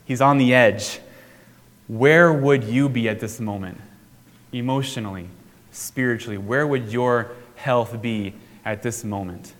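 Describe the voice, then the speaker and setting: A male pastor preaching a sermon in a measured, unhurried way with frequent pauses. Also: medium pitch, a bit bright. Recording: reverberant hall.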